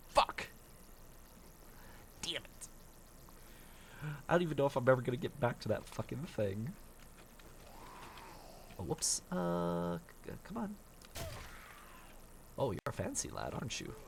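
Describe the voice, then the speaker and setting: Gravelly, grumbling gamer man. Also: medium pitch, slight background noise. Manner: grumbling, profane, self-mocking. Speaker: streamer playing a survival game. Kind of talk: casual gameplay commentary.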